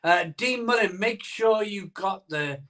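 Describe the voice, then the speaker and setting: A man's voice: high-pitched, expressive, a little slow, bright, forceful tone, far from the mic. A man hosting a live beer-tasting stream, talking in a rambling, self-interrupting way while his mouth burns from chili. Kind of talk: casual live-stream chat. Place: home room, streaming live.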